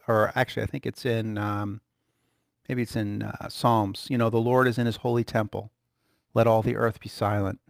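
A man teaches a Christian lesson in a relaxed, conversational way with lively emphasis and frequent chuckles. His voice sits at an ordinary middle pitch. The recording is dry and close, with no room sound. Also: gravelly, no room sound. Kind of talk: informal spoken teaching.

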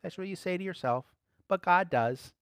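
A man giving conversational Bible teaching as a preacher, relaxed, laughing lightly and repeating key phrases. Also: high-pitched, normal speed, smooth, no room sound, studio quality.

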